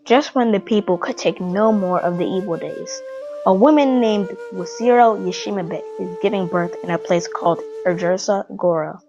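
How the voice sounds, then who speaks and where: Female storyteller, measured and dramatic, scripted read over a music bed. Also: medium pitch, dull audio. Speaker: narrator.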